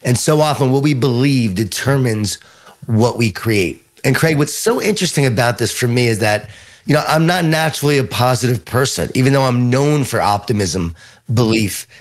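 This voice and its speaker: A middle-aged man with a Long Island, New York accent appears as a guest author in an interview, answering with lively storytelling. His pitch is medium and he speaks at a normal speed.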